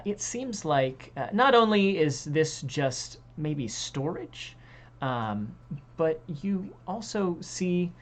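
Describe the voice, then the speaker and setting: A woman narrating as dungeon master of a tabletop game, pausing often with ums and uhs. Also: deep voice. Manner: hesitant, many ums and uhs.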